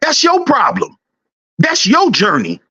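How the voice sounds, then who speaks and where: A man's voice: extremely high pitch, huge pitch swings, a little slow, sharp tone, highs cut off. A man hosting a livestream, ranting in a heated, preachy and profane way, repeating his lines for emphasis. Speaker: livestream host. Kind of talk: livestream commentary rant.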